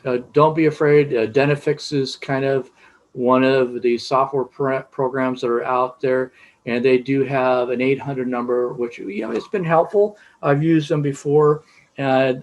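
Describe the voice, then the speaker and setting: A man's voice: mid-range voice, poor audio. A middle-aged man teaching auto repair in a casual, rambling way, with many fillers and restarts. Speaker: automotive instructor.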